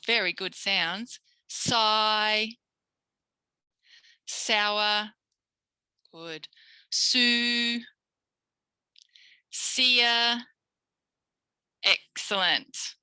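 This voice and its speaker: An Australian speech pathologist runs a live online tutorial, modeling single speech sounds and coaxing and praising her listeners as if they were young children. Her medium-pitched voice is very bright and close on a dry mic with no echo, though the audio quality is poor.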